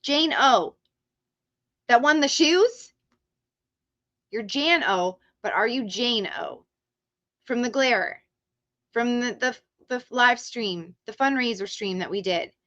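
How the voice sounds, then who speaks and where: A woman hosting a live stream, chatting casually and excitedly to her chat viewers. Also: fairly high pitch, slow pace, long pauses, no room sound, dull audio.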